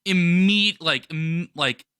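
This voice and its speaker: A man's voice: high voice, very slow, sharp tone, smooth, dry recording, studio quality. A man chatting casually as a podcast cohost, enthusiastic and rambling with lots of fillers. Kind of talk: casual pop-culture chat.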